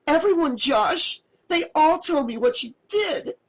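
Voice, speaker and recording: A scared teenage girl, put on by a man reading a horror audiobook, her voice pushed well up in pitch. She pleads and protests in breathless valley-girl talk, dropping "like" into every plea, with panic rising under each line. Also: big pitch swings, slow pace, husky, exaggerated voice. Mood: panicked. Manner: pleading, panicky, says "like" a lot.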